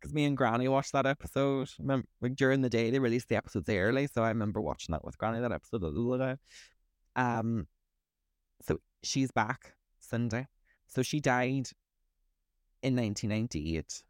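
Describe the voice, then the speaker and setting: A man from Britain co-hosts a casual podcast, talking bluntly and swearing freely. His voice sits at a middle pitch and is recorded close on a podcast mic with a dry, roomless sound. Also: normal speed, clean tone, no room sound. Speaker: podcast co-host. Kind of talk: casual chat.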